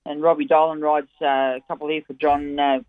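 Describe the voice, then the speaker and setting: A man's voice: on the high side, flat delivery, brisk, smooth, no room sound. A man with an Australian accent giving chatty, enthusiastic racing tips on radio. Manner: chatty, enthusiastic form analysis. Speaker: racing tipster. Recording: tinny phone-line audio.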